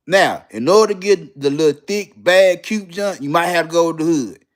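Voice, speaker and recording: A man's voice: a little high, moderate pace. Memphis man ranting in slang. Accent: Memphis Southern US. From Memphis, Tennessee. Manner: animated, heavy slang and cursing. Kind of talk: profane casual rant.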